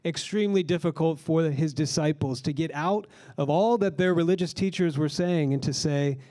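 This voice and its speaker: A man delivering a sermon in a mellow, warm voice that sits a little higher than most men's. He teaches earnestly and slows down to lean on the phrases that matter. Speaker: pastor.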